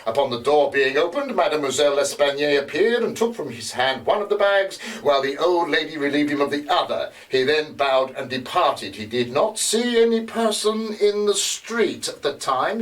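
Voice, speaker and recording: An actor playing a male investigator who reports witness testimony in a live stage drama, often pausing with hesitations. He is recorded from a distance. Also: fairly high pitch, very animated, a bit bright. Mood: measured. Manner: halting, with frequent hesitations. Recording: distant mic.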